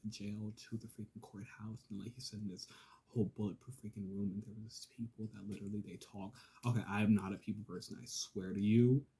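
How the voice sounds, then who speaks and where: A man vlogger telling a casual, profane story, swinging from loud exasperated outbursts to hushed asides. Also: on the low side, husky.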